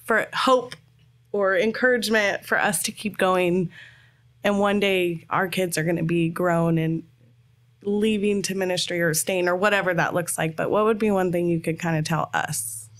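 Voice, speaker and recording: Soft-spoken woman hosting a podcast. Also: on the low side. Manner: gentle, asks questions. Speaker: podcast host. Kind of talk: casual podcast interview.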